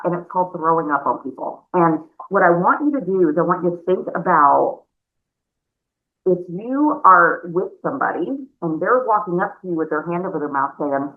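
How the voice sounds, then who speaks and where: A woman giving a conversational sales training talk, chatty and animated, calling her listeners y'all. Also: fairly low pitch. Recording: narrow phone-like sound.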